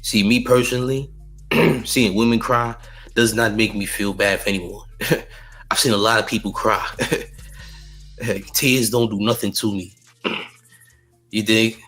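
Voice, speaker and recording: Low husky man giving blunt commentary. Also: steady tone, slow, pauses often, a bit bright, soft background music, poor audio. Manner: blunt, emphatic, repeats slang tags. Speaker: celebrity news commentator. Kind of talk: opinionated commentary.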